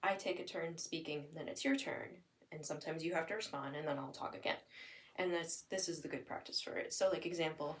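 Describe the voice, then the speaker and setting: A young adult woman demonstrating listening and speech strategies for parents, explaining plainly and acting out lively sing-song examples as if talking to a child. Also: sits low, fairly quick, recorded from a distance, poor audio.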